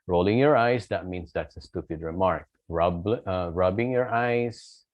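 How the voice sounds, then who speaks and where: A man's voice: low-pitched, measured pace, no room sound, dull audio. A man giving a recorded lecture, explaining step by step and checking in often with "okay?". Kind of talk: recorded lecture on office communication.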